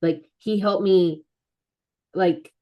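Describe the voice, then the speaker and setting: A woman on an interview podcast talks through her own past with many pauses and restarts. Her voice sits a little low, and she often slips into quoting the people around her. She sounds middle-aged and speaks candidly. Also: steady tone, highs cut off. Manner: soft-spoken, halting, many restarts and quoted asides. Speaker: guest, author and mental health advocate. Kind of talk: candid personal storytelling in an interview.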